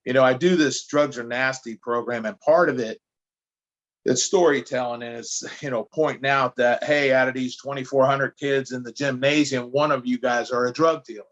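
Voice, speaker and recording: A man's voice: mid-range voice, moderate pace, lo-fi sound. Chatty New man telling stories. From New Jersey. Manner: animated, chatty, stumbling restarts. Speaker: podcast guest, anti-drug speaker. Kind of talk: casual storytelling.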